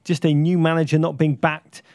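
Gravelly, wry football co-host. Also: male voice, fairly high pitch, flat delivery, normal speed, a little mellow, no echo, studio quality. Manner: wry, riffing, comic asides. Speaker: podcast co-host. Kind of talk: casual football chat.

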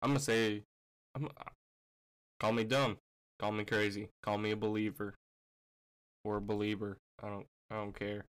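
A man's voice: fairly low pitch, flat delivery, normal speed, pauses often, smooth. A man in casual chat, joking and rambling loosely. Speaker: podcast co-host.

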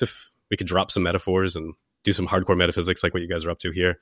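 Deep-voiced male host with a cold. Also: flat delivery, fast, fairly bright tone, dry recording, clean studio sound. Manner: jokey, playful impressions. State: has a cold. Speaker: podcast host. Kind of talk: casual discussion.

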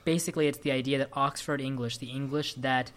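A woman's voice: a bass voice, steady tone, quick pace. A woman in casual chat who rambles, restarts often, and says "dude.". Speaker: podcast co-host.

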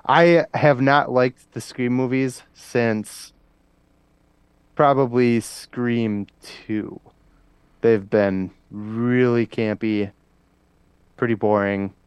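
Man, podcast co-host, casual chat, giggly, rambling, smooth voice, dry sound. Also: medium pitch, fairly even intonation, very slow, long pauses, no echo. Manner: chatty, laughs often, trails off with fillers.

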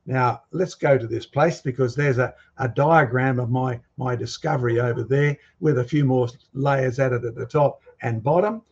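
A man lectures from the front with a husky, slightly rough voice, firing rhetorical questions and challenges at his listeners. His delivery is emphatic and insistent. The recording sounds dull and lo-fi, with the top end rolled off. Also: mid-range voice, moderate pace, hardly any pauses. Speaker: guest speaker on creation and fossils. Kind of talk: lecture with slides and audience questions.

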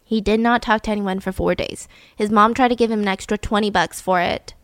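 A woman hosting a podcast, telling a true-crime story in a chatty, animated way, full of fillers. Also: medium pitch, a little fast, dry recording. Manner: chatty, animated, frequent fillers and acted-out quotes. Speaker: podcast host.

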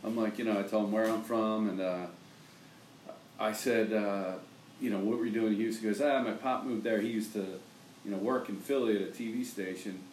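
A man's voice: on the low side, a little fast. A man chatting casually about sports, telling stories and acting out both sides of conversations. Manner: animated storyteller, acts out both sides of conversations. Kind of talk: casual chat. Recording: roomy, from far off the mic, faint hiss.

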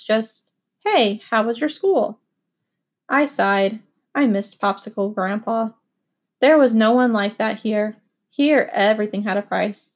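A woman reads a first-person story aloud with expressive, animated delivery. Her voice sits fairly high, and the narration has the steady shape of a scripted audiobook.

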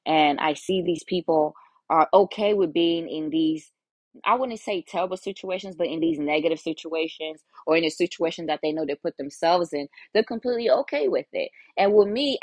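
A woman's voice: lowish voice, fairly quick, darkish tone, no room sound. A young woman hosting a solo podcast, talking frankly and casually with lots of cursing, often acting out her own inner voice. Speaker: podcast host.

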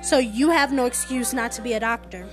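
High-voiced woman telling family stories. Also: brisk, over music. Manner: animated, chatty, conversational. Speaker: podcast host. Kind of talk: casual storytelling monologue.

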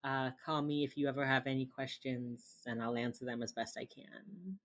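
On a casual podcast, a very low-voiced woman walks through a TV episode as co-host, keeping a moderate pace. She narrates in a laid-back way and says "like" a great deal.

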